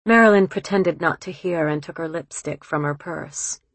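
A woman narrating an audiobook in a measured, even reading voice. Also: lowish voice, slightly rough, no room sound.

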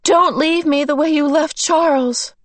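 A woman voicing a frightened, stubborn young girl in a storybook, crying out in shrill, pleading bursts. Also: unhurried, no room sound. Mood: terrified.

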